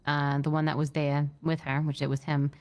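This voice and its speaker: A woman playing a state trooper in a roleplay, telling what happened in an upset but measured way, with many fillers and restarts. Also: sits low, level tone. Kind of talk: in-character roleplay briefing.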